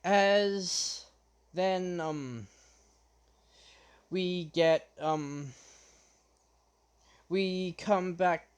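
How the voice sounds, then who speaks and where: A young man retelling his fan story off the cuff, halting often with fillers and restarts. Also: high voice, smooth.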